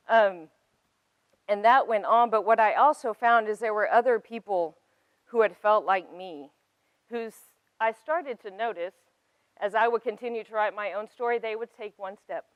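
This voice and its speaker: A woman's voice: medium pitch, dry recording, dull audio. A woman in her thirties giving a personal testimony talk, earnest and emphatic, building to passionate peaks. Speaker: speaker.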